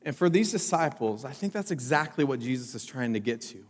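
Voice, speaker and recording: A man's voice: mid-range voice, expressive, fairly quick, big-room sound. A man preaching a sermon in a church, talking conversationally and asking the congregation questions. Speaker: pastor. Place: church sanctuary.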